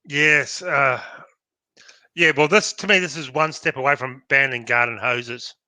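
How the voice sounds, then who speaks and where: A man's voice: medium pitch, unhurried, bright, forceful tone, no echo. An Australian man co-hosting a livestream podcast, talking in a sarcastic, mocking way. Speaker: podcast co-host. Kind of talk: casual livestream chat.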